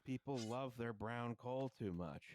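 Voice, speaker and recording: A man's voice: mid-range voice, unhurried, a little mellow. Wry man making dry remarks. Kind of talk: casual chat. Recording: noisy recording with clicking.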